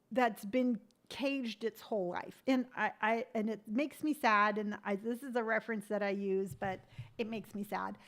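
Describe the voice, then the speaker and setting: Earnest, fairly high-voiced woman giving a pep talk. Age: 50s. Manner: earnest, animated, mimics other people's remarks; tough-love pep talk. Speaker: livestream host. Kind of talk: motivational livestream chat.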